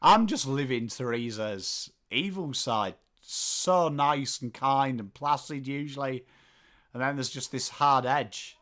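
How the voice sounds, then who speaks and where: Bright-voiced Northern English footy streamer. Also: male voice, mid-range voice, slow. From England. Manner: chatty calls that burst into shouts at big plays, swears casually. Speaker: livestream host. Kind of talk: live football watchalong commentary.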